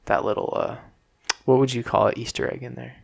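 A man's voice: mid-range voice, little pitch movement, a little fast, gravelly, slightly rough. A young man co-hosting a casual podcast, easygoing, teasing and asking lots of questions. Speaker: podcast co-host. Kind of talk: casual chat.

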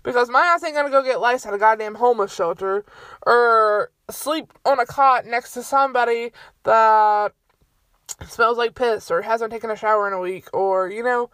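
A woman's voice: on the high side, moderate pace, a bit bright, no room sound. A young adult woman hosting her own podcast, ranting in a heated, profane and exasperated way from a bedroom at home. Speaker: solo podcast host. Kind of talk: casual ranting monologue.

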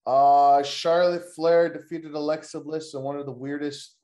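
A man hosts a casual wrestling podcast. His voice sits a little higher than most men's and rings in an echoey room. He jokes, curses freely and keeps the chat loose. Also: fairly even intonation, a little slow, mellow. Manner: loose, joking, profane banter. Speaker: podcast host.

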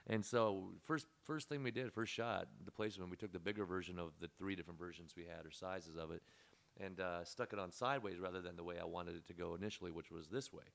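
Fast, gravelly low-voiced man. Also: fairly bright tone. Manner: rambling, laid-back storyteller with lots of fillers. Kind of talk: casual storytelling chat.

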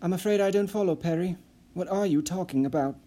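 An anxious, eager man who gushes his words out in a breathless tumble, as a male audiobook narrator puts him on. His voice sits noticeably higher than the narrator's own, yet stays soft and mellow. He talks as if his thoughts outrun his sentences. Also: fairly quick. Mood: alarmed. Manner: breathless, tumbling, high-strung. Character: anxious eager middle-aged man, gushing.

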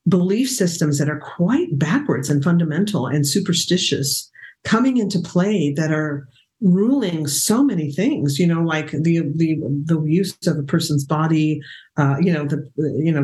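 A woman's voice: sits low, darkish tone. A middle-aged woman, a guest in an interview, telling stories in a loose, rambling way with many fillers and restarts. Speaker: guest, remote viewer. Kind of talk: conversational storytelling.

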